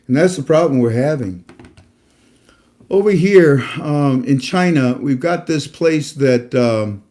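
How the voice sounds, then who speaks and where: A man with a warm, mid-range voice hosts an online talk, addressing viewers casually and somewhat preachily about faith. He rambles, with lots of fillers and restarts.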